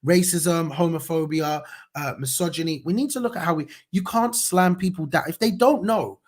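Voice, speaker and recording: A man's voice: fairly high pitch, normal speed. A man hosts a casual news commentary, talking passionately and conversationally with many fillers and restarts. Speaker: news show host.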